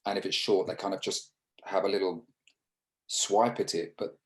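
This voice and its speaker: An English man in his fifties, a former cricketer, telling stories in a casual interview over a video call, halting with restarts and fillers. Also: low voice, steady tone, low-quality recording. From England.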